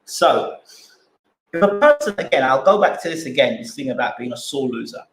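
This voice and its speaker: A man's voice: medium pitch, fairly quick, creaky, fairly bright tone, slight background noise. Argumentative man, echoey room. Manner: rhetorical questions, argumentative. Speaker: boxing channel host. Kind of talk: live-stream commentary, reading chat.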